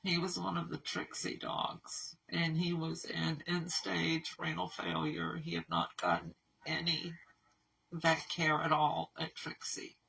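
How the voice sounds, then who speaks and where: A woman who runs an animal rescue, talking candidly in a casual vlog update, rambling and halting with fillers. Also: deep voice, level tone, gravelly, a bit bright. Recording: voice somewhat far from mic.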